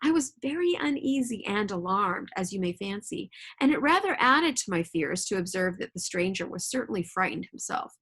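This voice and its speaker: A woman's voice: medium pitch, big pitch swings, normal speed, hardly any pauses, fairly bright tone, slightly rough. A woman teacher reading a novel aloud at home and explaining it to her students in a casual, chatty way with frequent check-ins. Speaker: middle school teacher.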